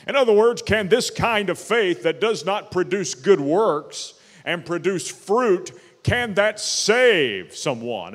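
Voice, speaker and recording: Emphatic preacher with hall reverb. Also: male voice, high-pitched, very animated, fairly bright tone. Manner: emphatic preaching, slowing on key words. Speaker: pastor. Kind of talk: sermon. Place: church sanctuary.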